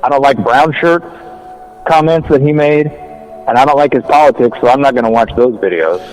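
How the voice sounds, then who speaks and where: Male host, mid-pitched, opinionated casual chat, repeats phrases, faint music underneath. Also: normal speed, low-quality recording.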